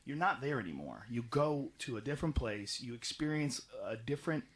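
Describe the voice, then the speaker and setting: Man telling stories, animated and profane. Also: mid-range voice, fairly quick. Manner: animated, profane, rambling storytelling. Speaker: podcast guest recounting experiences. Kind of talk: casual podcast conversation.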